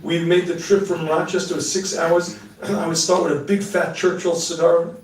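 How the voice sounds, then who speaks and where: A high-pitched, middle-aged man gives a live talk at normal speed and takes audience questions, animated and joking and laughing at his own asides. The mic is distant and the hall echoes.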